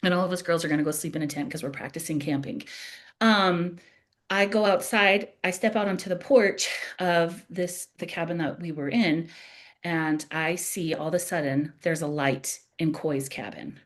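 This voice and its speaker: A woman with a slightly low voice tells a podcast story from her teen years. She talks casually, with lots of laughs and playful self-mockery. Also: moderate pace. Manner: animated, self-mocking, laughs often. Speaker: podcast host telling a story.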